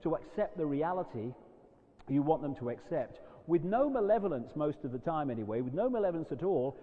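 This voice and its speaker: Male lecturer, animated and emphatic, mid-high voice, dull lo-fi hall recording with long echo. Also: fairly quick. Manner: animated and emphatic, jumping between loud outbursts and quiet asides. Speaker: public speaker. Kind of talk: live lecture to an audience.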